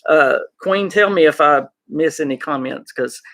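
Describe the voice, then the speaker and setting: A man with an Arkansas Southern accent hosting a gaming podcast, chatting excitedly and rambling as he talks to his live chat. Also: a little high, normal speed, gravelly. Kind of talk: casual live-stream chat.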